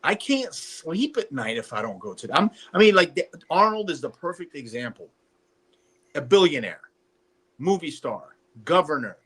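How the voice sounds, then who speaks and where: A man's voice: a little high, very animated, normal speed, a bit bright, husky. A man co-hosting a casual podcast chat, speaking emphatically and preaching about working out. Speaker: podcast co-host.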